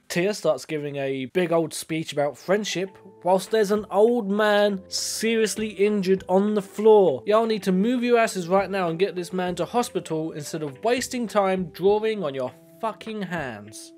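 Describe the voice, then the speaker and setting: A man's voice: fairly high pitch, darkish tone. Sarcastic guy roasting a show. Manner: sarcastic, exasperated, swears. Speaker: video commentator. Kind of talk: comedic commentary.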